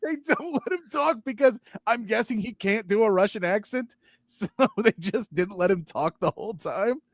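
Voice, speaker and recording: A male sports talk host chatting casually, animated and mocking, acting out lines as he goes. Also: high-pitched, moderate pace, no echo, studio quality. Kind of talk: casual chat.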